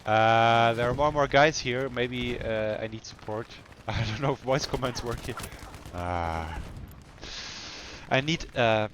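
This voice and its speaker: A man's voice: medium pitch, a little slow, a bit bright, slight background noise. A man giving casual, self-mocking commentary while playing a video game. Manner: chatty and self-mocking, often laughing to himself. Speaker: gameplay commentator. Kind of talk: casual let's-play commentary.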